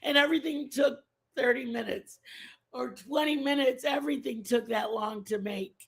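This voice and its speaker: Chatty gravelly-voiced woman livestreamer. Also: sits high, normal speed. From Mexican family background. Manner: rambling, chatty, repeats herself. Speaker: livestream host. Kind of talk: casual chat with live viewers.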